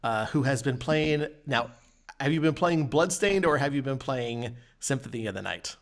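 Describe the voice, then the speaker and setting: A man hosting a video game podcast, briskly steering the conversation between guests. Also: mid-range voice, lively intonation. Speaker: podcast host. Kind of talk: casual chat.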